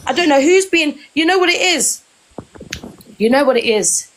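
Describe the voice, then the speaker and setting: A high-pitched woman speaks into her phone from her kitchen on a live stream. She is blunt and swears freely, lecturing the other guest in long stretches. Her tone is firm and exasperated. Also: animated, normal speed, slight background noise, rough recording. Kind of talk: heated live-stream argument. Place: home kitchen.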